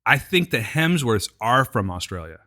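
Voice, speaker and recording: A man's voice: medium pitch, big pitch swings, moderate pace, bright, forceful tone. An American man co-hosting a podcast, recapping a TV episode in casual chat and teasing his co-host with jokes. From United States.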